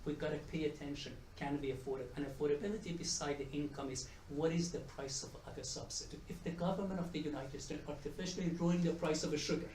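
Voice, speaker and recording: Middle-aged guy giving a talk, slightly high voice, heard from across an echoey room, chatty and repeats himself a lot. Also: steady tone, quick pace, few pauses, darkish tone, recorded from a distance, slight background noise. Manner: chatty, repeats and restarts words, tells jokes. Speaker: economics professor giving a talk. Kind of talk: conference presentation. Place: conference room with audience. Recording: echoey room, mic from afar.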